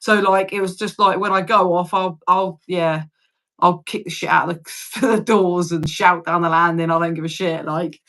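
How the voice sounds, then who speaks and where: A woman's voice: on the low side, steady tone, normal speed, a bit bright. A British woman in her forties hosting a casual livestream chat, talking loosely, laughing often and swearing freely. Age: 40s. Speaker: livestream host.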